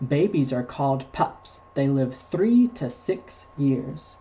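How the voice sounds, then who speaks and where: A man reading picture books aloud to preschoolers at a slow, unhurried pace, stopping to explain words in simple terms. His voice is mellow and warm. The recording sounds a little muffled, with a faint hiss underneath. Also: medium pitch, very animated. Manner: slow, patient explaining for small children. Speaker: storytime host reading to preschoolers. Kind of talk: children's read-aloud storytime.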